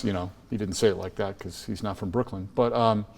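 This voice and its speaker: Speaking quickly in a fairly low, even voice with vocal fry and a slightly mellow tone, this American guest from Chicago leads a school trust. On the podcast he tells stories with emphasis, frequently restarting and repeating words, and a long reverb tail trails his speech.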